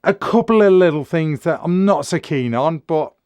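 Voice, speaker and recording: A man's voice: on the high side, animated, normal speed, a little mellow, clean tone. Plain-spoken English man reviewing gear. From England. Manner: frank, plain-spoken, matter-of-fact. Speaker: firearms reviewer. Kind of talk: casual product review.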